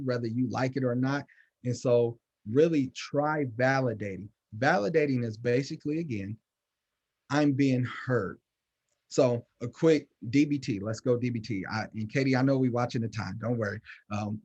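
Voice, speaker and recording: A man working as a counselor, answering questions in casual, animated talk with lots of fillers. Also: medium pitch, breathy edge, highs cut off. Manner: animated, conversational, many fillers.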